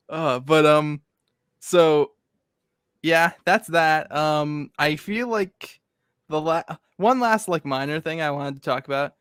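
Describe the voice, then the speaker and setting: A man's voice: fairly high pitch, fairly bright tone, clear, resonant tone, dry recording, studio quality. A man hosting a casual comic review chat, rambling with many fillers and laughing often. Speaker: podcast host.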